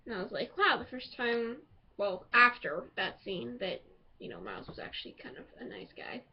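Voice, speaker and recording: Woman, higher-pitched voice, gushing, rambling, casual episode review, lo-fi muffled sound. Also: very animated, moderate pace, vocal fry, a little hiss or hum. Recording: dull lo-fi home recording.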